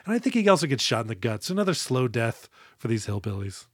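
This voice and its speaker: A man's voice: mid-range voice, very animated, fast, husky, no room sound, clean studio sound. A man co-hosting a podcast, chatting casually and joking about a movie, often laughing mid-sentence. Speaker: podcast co-host. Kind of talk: casual comedic movie chat.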